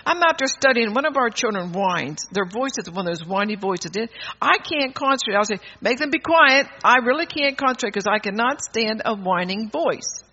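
A woman's voice: medium pitch, expressive, normal speed, pushed and bright, dull audio. A woman preaching a sermon in an emphatic, scolding way, calling out to her congregation.

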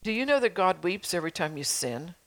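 A woman's voice: fairly low pitch, sing-song, a little fast. A middle-aged woman preacher delivering a sermon, earnestly exhorting her congregation with rhetorical questions.

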